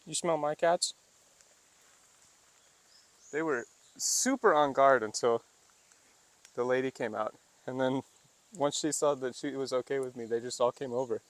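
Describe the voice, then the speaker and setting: A man vlogging on a walk, speaking casually and cooing at cats in a high baby voice between laughs. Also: unhurried, pauses often. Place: outdoors in a small town street.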